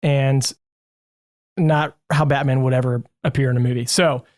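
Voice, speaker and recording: A man's voice: medium pitch, steady tone, moderate pace, darkish tone. A man hosting a podcast interview, upbeat, enthusiastic and jokey. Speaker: podcast host.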